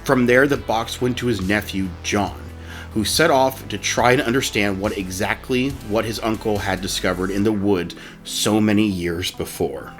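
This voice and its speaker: Guy hosting a chatty podcast, lowish voice, reads the story then cracks up, faint music behind. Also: moderate pace, a bit bright. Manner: reads a story aloud, laughs often, tries put-on narrator voices. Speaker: podcast host. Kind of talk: casual reading and chat.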